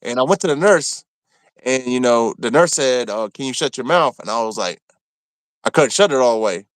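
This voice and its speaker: A man from Maryland telling a rough story from his time in prison, cursing freely and acting out what people said. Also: mid-range voice, moderate pace, no room sound. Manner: animated, profane, acts out quotes. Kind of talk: casual storytelling.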